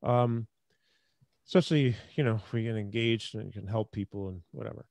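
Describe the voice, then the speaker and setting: A man's voice: lowish voice, normal speed, vocal fry, a little mellow, dry recording. A middle-aged man hosting an interview, chatty and prone to digressions. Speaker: podcast host. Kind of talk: casual interview talk.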